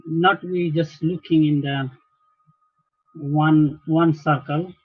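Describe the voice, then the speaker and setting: Halting man guest on a tinny line. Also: fairly high pitch, fairly even intonation, breathy edge. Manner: halting, searching for words, many restarts. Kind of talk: casual interview talk.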